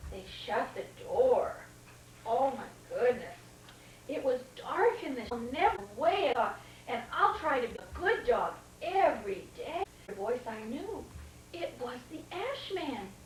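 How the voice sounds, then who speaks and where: An older woman reads a storybook to a little child in a fairly high voice, pausing to comment and quiz him. It sounds like an old VHS home video, with echoey room sound and a faint hiss. The camcorder sits some way off from her. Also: recorded from a distance. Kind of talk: reading a storybook aloud to a child. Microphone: camcorder mic across the room.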